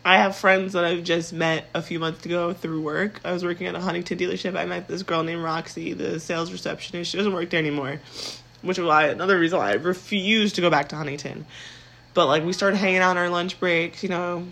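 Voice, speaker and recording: Young woman podcaster, fry-heavy voice, super casual and open, lots of "like"s and swearing. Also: fairly low pitch, fairly even intonation, brisk, a bit bright, poor audio. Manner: candid, chatty, swears freely, says "like" a lot. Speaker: podcast host. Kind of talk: casual solo podcast chat.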